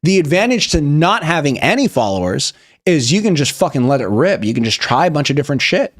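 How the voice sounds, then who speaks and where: A young man streaming, chatting casually and joking as he reviews memes in quick rambling asides. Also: on the high side, big pitch swings. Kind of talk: casual chat.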